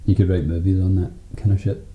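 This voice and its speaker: A man's voice: deep voice, level tone, quick pace, phone-quality sound. A man hosting a casual podcast chat, laid-back and a little wry. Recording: roomy echo, faint background noise.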